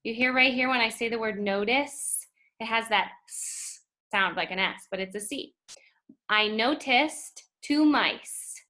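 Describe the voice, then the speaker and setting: A woman teaching a phonics lesson to first graders, speaking slowly and clearly and stretching out letter sounds. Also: on the high side, pushed and bright. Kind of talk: phonics lesson for young children.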